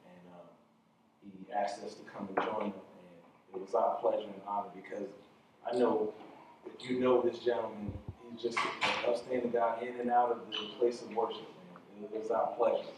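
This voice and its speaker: A man opens an event as host, talking in a loose, unhurried way with plenty of fillers. He sounds far from the mic, and the big room rings around his voice. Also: on the low side, lo-fi sound, heavy background noise. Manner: relaxed, filler-heavy speech. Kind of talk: casual event introduction. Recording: echoey hall, mic heard from far.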